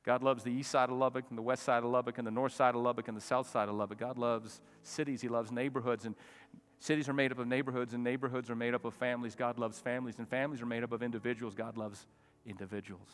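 A man preaches to his congregation in a church sanctuary. His voice sits at a middling pitch, and the hall gives it a long, ringing reverb. He climbs to loud, emphatic peaks and then falls away to soft, hushed asides. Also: little pitch movement, quick pace. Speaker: pastor. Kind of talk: sermon.

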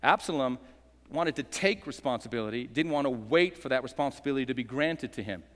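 The recording carries echoey hall reverb as a male pastor preaches a dramatic sermon. His voice is medium-pitched and fairly bright, with lively intonation and a slightly fast pace, as he leads call-and-response and adds jokes to rouse the room.

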